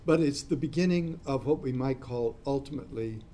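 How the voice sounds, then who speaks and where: A man lecturing a class in a discursive way, spelling out terms letter by letter and pausing with fillers. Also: mid-range voice, mellow.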